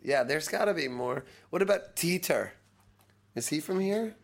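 A man from Texas, chatting casually as a podcast host and telling animated stories. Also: a little high, moderate pace, vocal fry. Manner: animated storyteller, laughs easily. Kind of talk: casual chat.

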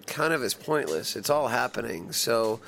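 A man's voice: mid-range voice, animated, moderate pace, creaky, a bit bright, a little hiss or hum. A middle-aged man, a touring musician from the United States, talking casually in an interview and rambling with restarts and fillers.

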